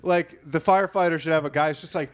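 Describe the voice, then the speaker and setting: A man in casual podcast chat, telling profane, animated stories among friends. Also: a little high, fast talker.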